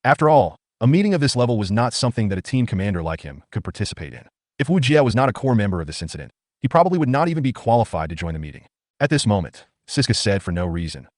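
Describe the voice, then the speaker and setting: A man reads a manga recap at a rapid clip, his low voice rising and falling with lively inflection. His delivery is a brisk, steady storytelling read, and the sound is dry and close, with no room around it. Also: no echo. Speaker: narrator.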